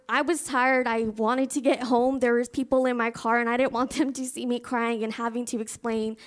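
A woman preaching a sermon, telling a personal story in an earnest way with many fillers. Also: on the high side. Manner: fervent spoken prayer.

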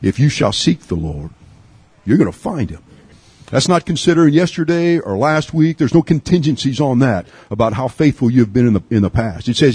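A middle-aged man from Texas preaching a sermon, earnest, with repeats and restarts, rising high to urge and sinking low and quiet. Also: big pitch swings, brisk, husky, no echo. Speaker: pastor.

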